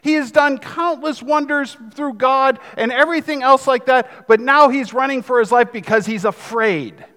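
A man's voice: very high voice, moderate pace, few pauses, pushed and bright, big-room sound. A man in his fifties preaching a sermon as pastor, in a conversational, joking manner. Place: church sanctuary.

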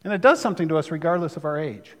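A man's voice: a little high, racing, a bit bright, long reverb tail. A man preaching a sermon, talking conversationally with asides. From United States. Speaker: pastor.

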